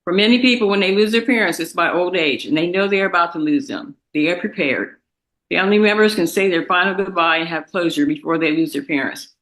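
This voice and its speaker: A young woman reading a prepared statement in a courtroom, emotional and halting, fighting back tears, with restarts and repeated words. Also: on the low side, a bit bright, poor audio. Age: young adult. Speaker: victim's daughter giving impact statement.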